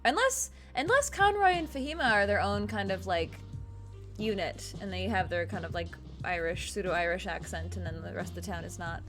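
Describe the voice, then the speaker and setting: A woman from Michigan in casual chat, halting with many restarts and trailing phrases. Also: medium pitch, animated, a bit bright, soft background music. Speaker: co-host.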